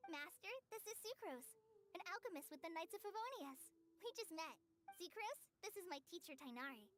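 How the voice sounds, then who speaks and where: A woman's voice: very high-pitched, expressive, brisk, a bit bright, a little hiss or hum. A woman voicing an earnest, cheerful young female apprentice in a video game, speaking eagerly.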